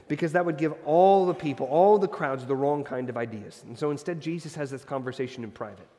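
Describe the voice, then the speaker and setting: A man preaching an expository sermon, moving between emphatic lines and hushed ones. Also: on the high side, a little fast, few pauses. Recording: hall reverb.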